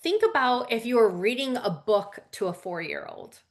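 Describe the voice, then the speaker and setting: A woman's voice: a little high, lively intonation, normal speed. A woman teaching a casual lesson on public speaking, conversational with fillers and asides.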